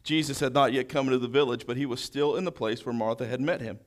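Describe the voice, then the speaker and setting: A man preaching a sermon, reading scripture verse by verse and then expounding, moving between loud proclamation and hushed quiet. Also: mid-range voice, quick pace.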